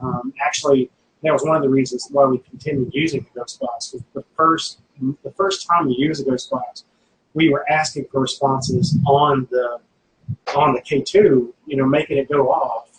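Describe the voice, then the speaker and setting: This man talks loosely and circles back often, filling gaps with ums and repeated words. His voice sits at an ordinary pitch. It carries a roomy echo over a faint hiss. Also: fairly even intonation, normal speed. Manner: rambling, many fillers and restarts. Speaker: paranormal investigator guest. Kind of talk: casual chat.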